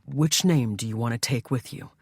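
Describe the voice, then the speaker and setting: A woman voicing a loving, protective young husband who speaks softly and tenderly in an audiobook. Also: very deep voice, normal speed, slightly rough, dry recording, clean studio sound, voice pushed down, heavily acted.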